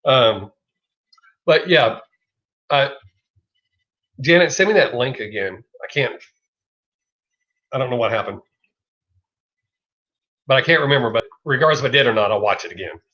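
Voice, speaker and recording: This middle-aged Southern US livestream host talks in an animated, bright, forceful medium-pitched voice at a moderate pace, pausing often. His casual live chat rambles, with plenty of swearing and laughter. The recording has a lo-fi, dull sound.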